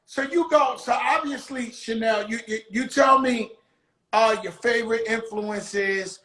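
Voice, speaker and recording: Man host, excitable and slangy, high voice, roomy echo on the mic. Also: a little slow. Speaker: interviewer host. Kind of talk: casual interview chat. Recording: echoey room.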